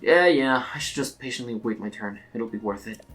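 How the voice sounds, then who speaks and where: An impatient woman fed up with waiting, grumbling in an exasperated voice that rises and drops sharply, as a player puts her on while reading game dialogue. Soft music plays faintly behind. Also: medium pitch, expressive, brisk, natural voice.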